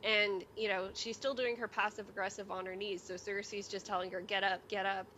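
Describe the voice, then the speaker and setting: A woman's voice: medium pitch, level tone, a little fast, sharp tone, muffled recording, slight background noise. A woman co-hosting a casual podcast, chatting loosely with lots of fillers and reading book quotes aloud. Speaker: podcast co-host. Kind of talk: casual podcast chat about a novel.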